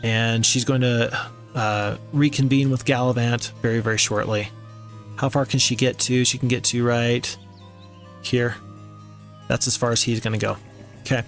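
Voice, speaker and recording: A man hosting a let's play, commenting on a strategy game in a relaxed, rambling, self-amused way. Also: medium pitch, moderate pace, long pauses, faint music behind. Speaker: gaming channel host.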